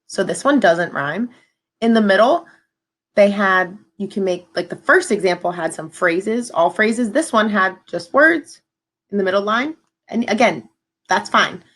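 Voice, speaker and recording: A woman's voice: mid-range voice, animated, a little slow, a bit bright, husky. A woman teacher talking students through a lesson in an upbeat, encouraging way. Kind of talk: recorded classroom lesson.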